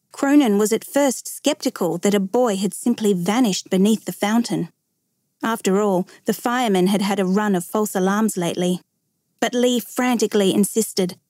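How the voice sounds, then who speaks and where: A woman's voice: mid-range voice, mellow, dry recording, clean studio sound. Woman narrator reading a rescue story. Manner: measured, slowing at dramatic moments. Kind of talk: reading a true story aloud.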